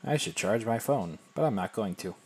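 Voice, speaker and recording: Man, low voice, animated delivery, live-stream chatter, faint music behind. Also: normal speed, breathy edge. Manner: thinks aloud and answers viewer chat; relaxed and self-deprecating. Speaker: game streamer. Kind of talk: casual live-stream chat while playing.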